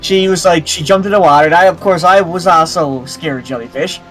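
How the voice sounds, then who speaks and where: A man joining a streamer in casual chat, chatty and quick with an anecdote. His voice sits higher than most men's, with faint music behind. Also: a bit bright.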